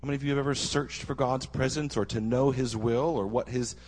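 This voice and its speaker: A man preaching a sermon to his congregation, asking them lively rhetorical questions. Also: medium pitch, brisk. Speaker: pastor. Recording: husky voice with long hall reverb.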